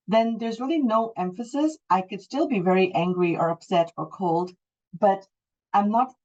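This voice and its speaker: A woman's voice: medium pitch, darkish tone. A woman in her forties from Canada, teaching an English class, explaining patiently and repeating the key points. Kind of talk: online class lesson. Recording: dull lo-fi audio.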